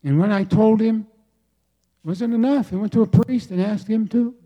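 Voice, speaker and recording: A man preaching a sermon from the United States, slow and deliberate, with emphatic pauses and repetition. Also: high voice, warm tone, highs cut off. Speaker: pastor.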